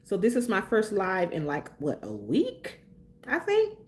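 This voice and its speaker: A woman from Mississippi hosting a casual live stream, talking fast and chatting playfully with viewers while getting over a sore throat. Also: mid-range voice, big pitch swings. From Mississippi, USA.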